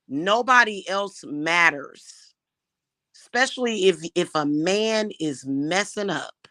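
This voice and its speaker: A woman's voice: fairly low pitch, sharp tone, no echo, clean studio sound. A woman giving blunt love advice in a casual monologue, emphatic and swearing freely.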